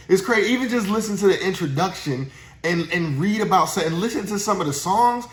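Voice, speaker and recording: A man's voice: high-pitched, animated, a little fast, fairly bright tone, reverberant. A man giving a casual motivational talk as a sales trainer, chatty and full of tag questions. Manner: chatty, uses tag questions and frequent restarts.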